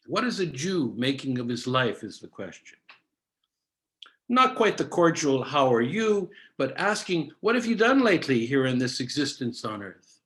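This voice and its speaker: A man in his seventies from Canada, a cantorial soloist giving a measured, didactic storytelling talk over a video call, sprinkling in Yiddish words. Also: a little high, a bit bright.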